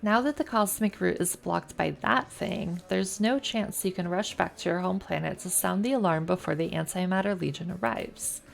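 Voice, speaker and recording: Gravelly-voiced woman streamer reading aloud. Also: lowish voice, normal speed, hardly any pauses. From United States. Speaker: game streamer. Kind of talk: reading game text aloud and casual commentary.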